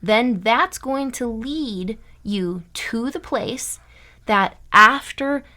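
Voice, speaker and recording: A woman's voice: on the high side, animated, very slow, pushed and bright. A young American woman from Iowa teaching a German lesson online, emphatic and often checking in with "okay?" and "right?". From United States (Iowa).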